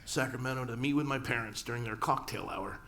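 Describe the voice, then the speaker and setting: A man's voice: medium pitch, quick pace, creaky, pushed and bright, a little hiss or hum. Man preaching a personal story. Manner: storytelling, acting out family dialogue with humor. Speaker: pastor. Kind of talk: sermon. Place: church sanctuary.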